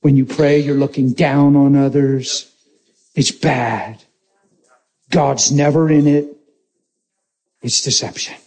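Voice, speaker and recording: A man preaching a sermon as a pastor, telling stories in a lively way with jokes and laughter. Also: medium pitch, slow pace, gravelly, long pauses. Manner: animated storytelling, joking and laughing.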